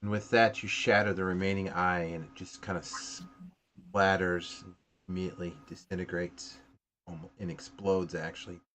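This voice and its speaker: Low-voiced man running a tabletop game. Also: little pitch movement, moderate pace, fairly bright tone, slight background noise. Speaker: game master.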